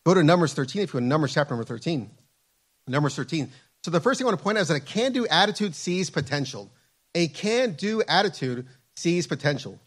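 A man's voice: a little high, animated, quick pace. A man preaching a sermon, reading scripture aloud and repeating his phrases with fervent emphasis.

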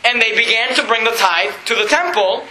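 A man's voice: very high voice, a little fast, bright, forceful tone, echoey room, a little hiss or hum, low-quality recording. A man preaching a sermon as pastor, quoting scripture and stressing his words. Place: church.

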